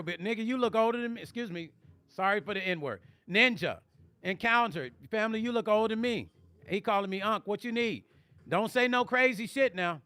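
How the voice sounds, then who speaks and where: Middle-aged man, high, bright voice, dry close sound, joking livestream banter. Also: smooth, no echo. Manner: joking, playful banter, drawn-out teasing. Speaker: musician and vlog host reading live chat. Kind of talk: casual livestream chat.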